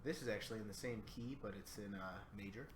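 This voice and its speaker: A man's voice: lowish voice, fast talker. Sleepy man musing on a livestream. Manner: thinking aloud, musing. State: sleepy, yawning. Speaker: streamer composing music. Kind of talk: casual livestream chat. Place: apartment. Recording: echoey room, faint background noise.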